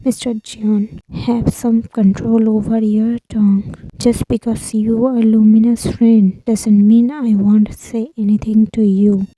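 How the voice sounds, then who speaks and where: A woman's voice: on the high side, level tone, a little slow, mellow, a little hiss or hum, close to an everyday voice, poor audio. A woman reading a fatherly middle-aged uncle. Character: middle-aged man, kindly uncle and university head.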